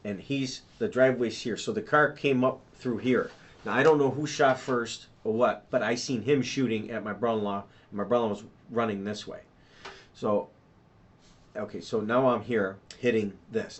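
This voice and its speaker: A man giving a rambling, fast account to police as a witness, restarting sentences and sketching a map while he talks. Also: lowish voice. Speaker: witness being interviewed by police. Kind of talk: police interview statement.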